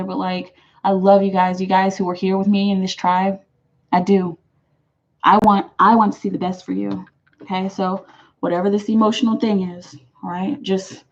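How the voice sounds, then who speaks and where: A woman's voice: lowish voice, dark tone, lo-fi sound. A woman giving a live tarot reading to her viewers, emphatic and affectionate, repeating her phrases for weight. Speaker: tarot reader.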